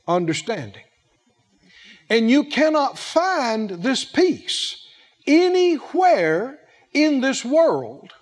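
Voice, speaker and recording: A man delivers a sermon in a high, swooping voice. He takes his time, stretching out key words and throwing questions to his listeners, sometimes acting out small dialogues. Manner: emphatic, drawn-out phrasing with questions to the audience; plays out little acted dialogues. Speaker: preacher. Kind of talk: sermon to a responding congregation.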